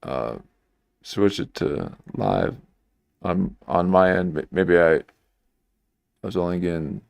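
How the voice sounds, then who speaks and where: Deep gravelly man hosting a livestream. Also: big pitch swings, a little mellow, no echo, clean studio sound. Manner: halting, questioning, thinks aloud. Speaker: livestream host. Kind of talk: live commentary on clips.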